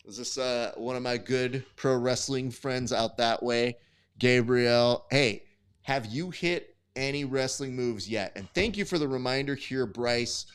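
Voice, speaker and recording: A man's voice: medium pitch, takes it slowly, clear, resonant tone. A young man hosting a live stream, giving sport commentary in casual, chatty, profane banter. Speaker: host.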